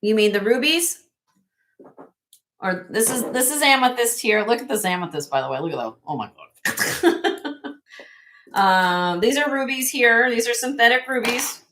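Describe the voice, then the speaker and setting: A woman's voice: on the high side, normal speed, long pauses, bright, forceful tone, a little hiss or hum. A woman hosting a casual live-stream jewelry sale, chatty and self-correcting, laughing often as she shows pieces to viewers.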